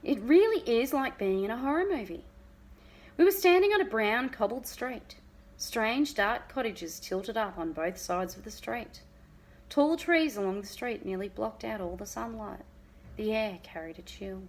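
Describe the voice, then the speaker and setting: Expressive woman reading a novel aloud. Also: mid-range voice, a little slow. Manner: expressive, vivid storytelling. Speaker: teacher.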